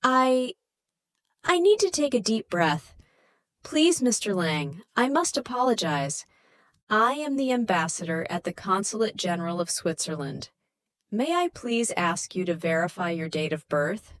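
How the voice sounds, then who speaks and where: A woman voicing a soft-spoken, formal and apologetic male diplomat on the phone. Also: medium pitch, very animated, a little slow, dry recording, clean studio sound.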